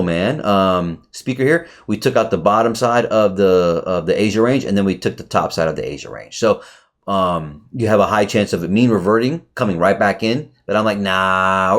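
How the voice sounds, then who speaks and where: A man talking casually through a trade review on his charts, excitable and swearing often, with sudden jumps in pitch. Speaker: trading educator.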